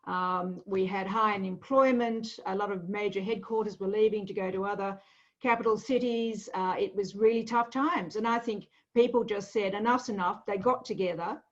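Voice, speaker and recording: A woman's voice: mid-range voice, fairly even intonation, moderate pace, lo-fi sound. A woman speaking earnestly and upbeat about her city, with frequent fillers, on a video call. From Melbourne. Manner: earnest, upbeat civic talk with many fillers.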